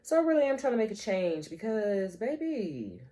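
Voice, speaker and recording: A woman's voice: mid-range voice, sing-song, moderate pace, mellow. A woman vlogger, chatting playfully to her viewers and calling them honey and child. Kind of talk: casual chat to camera.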